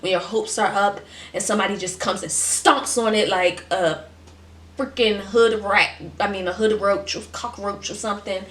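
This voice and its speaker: A woman in her late twenties tells a story to her vlog audience, animated and sassy with plenty of slang. Her voice sits at an ordinary middle pitch. It is caught from a little way off the mic in an echoey room. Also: normal speed, recorded from a distance. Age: 20s. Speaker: vlogger. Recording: roomy, off-mic.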